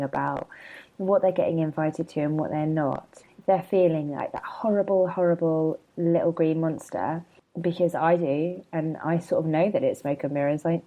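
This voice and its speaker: A woman's voice: low voice, warm tone, rough recording. A woman in her thirties hosting a casual solo podcast, chatty and candid, laughing often and wandering off topic while a bit hungover and yawning. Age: 30s. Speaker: podcast host and blogger.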